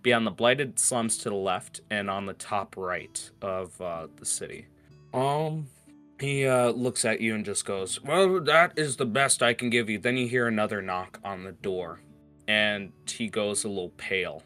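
Bright-voiced man running a tabletop game. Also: fairly low pitch, unhurried, smooth, soft background music. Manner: casual, with frequent filler words and laughter. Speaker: game master.

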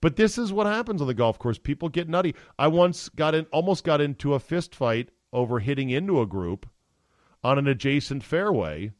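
A man's voice: fairly high pitch, expressive, a little fast, dry recording, studio quality. A man hosting a podcast, telling stories in casual, profane, jokey chat. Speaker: podcast host.

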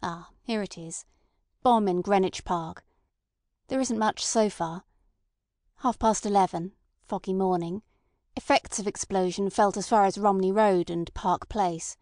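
A woman's voice: medium pitch, a little slow, darkish tone, dry recording, clean studio sound, lightly acted. A woman voicing an impatient, resentful male anarchist in an audiobook, blunt and agitated.

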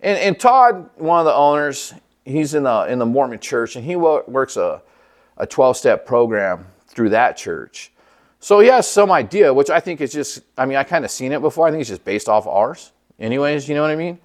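A man's voice: mid-range voice, big pitch swings, moderate pace. A man sharing his recovery story in a casual, profane way, acting out what people said. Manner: profane, laid-back, acts out quoted dialogue.

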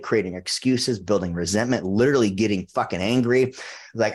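A man's voice: on the low side, fairly quick. A man in a podcast interview who tells his story in a blunt, intense way and swears freely. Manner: intense, blunt and frequently profane. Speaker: podcast guest, men's coach. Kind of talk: casual conversational storytelling.

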